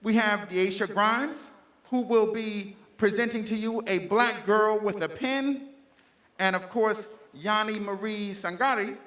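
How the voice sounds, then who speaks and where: A man's voice: sits high, measured pace, a bit bright, echoey room. Upbeat man emceeing a school show. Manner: upbeat, announcing, with fillers. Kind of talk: introducing acts at a school showcase.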